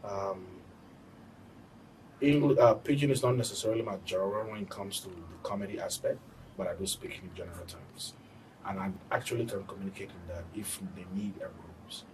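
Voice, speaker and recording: Low-voiced man, mic a bit distant. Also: moderate pace. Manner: relaxed, laughs easily, earnest when giving advice. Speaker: guest entertainer. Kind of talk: interview. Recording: distant mic, faint ambient noise.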